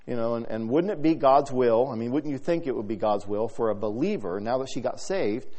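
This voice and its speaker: A man preaching a sermon, reading scripture aloud and swinging from soft talk to loud, emphatic delivery. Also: medium pitch, a little fast.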